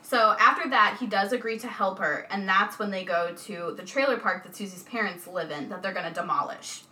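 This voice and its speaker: Young woman cohost, sharp bright voice, dry sarcastic comments. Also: medium pitch, fairly quick. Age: young adult. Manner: wry, sarcastic asides. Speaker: podcast co-host. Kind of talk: casual chat recapping a movie.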